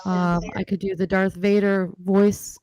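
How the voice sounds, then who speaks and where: A woman's voice: medium pitch, flat delivery, a little slow, a crowd in the background. A woman from the northern US, a chatty, self-mocking panelist on a livestream video call. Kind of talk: casual livestream panel chat.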